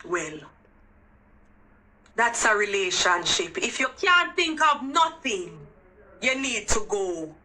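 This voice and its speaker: A woman's voice: medium pitch, big pitch swings, slow, long pauses, bright, forceful tone, poor audio. Earnest Jamaican woman giving advice. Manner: earnest, emphatic, questioning the listener. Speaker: relationship advice vlogger. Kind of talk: direct-to-camera advice monologue.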